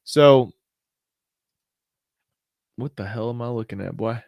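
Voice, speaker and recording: A man of medium pitch hosts a relaxed market show and talks loosely through what he sees on the charts. He rambles, restarts his sentences and leans on fillers. The sound is dry and close, with no room around it. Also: slow pace, creaky, long pauses, dry recording. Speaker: crypto show host. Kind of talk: casual live chart commentary.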